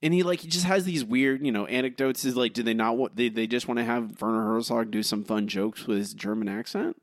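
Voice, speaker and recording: A man co-hosting a podcast, talking in animated bursts with many halting restarts. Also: medium pitch, no room sound, studio quality. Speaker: podcast co-host. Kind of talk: casual podcast discussion.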